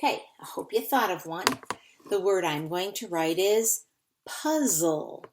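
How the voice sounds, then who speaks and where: A woman's voice: lowish voice, animated, a little slow. A woman teaching a phonics lesson to young children, patiently repeating words to sound them out.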